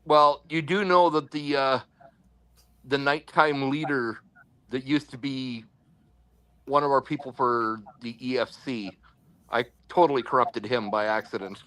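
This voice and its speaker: A man's voice: mid-range voice, steady tone, measured pace, fairly bright tone, clean tone, no room sound. A man joking and teasing in a casual podcast chat. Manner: teasing, jokes along.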